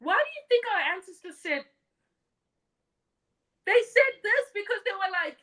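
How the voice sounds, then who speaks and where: A woman in her thirties talking straight to her live stream audience, blunt and scornful, often mocking people in silly voices. Her voice sits high and swings widely in pitch, with a bright, sharp edge. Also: big pitch swings, normal speed, pauses often, low-quality recording. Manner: blunt and mocking, mimics others. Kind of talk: opinionated live stream monologue.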